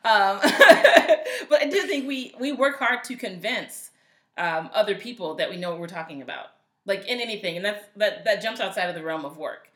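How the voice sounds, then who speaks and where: A woman's voice: mid-range voice, very animated, normal speed, pushed and bright, echoey room. A woman co-hosting a casual podcast chat, speaking in a definitive, confident way with easy laughs. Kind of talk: casual conversation.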